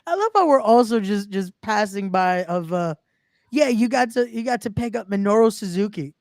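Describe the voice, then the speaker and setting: Woman podcast host. Relaxed and teasing, restarts a lot, dry close sound. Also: mid-range voice, moderate pace, no echo. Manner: easygoing, teasing interviewer with many restarts. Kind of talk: casual interview chat.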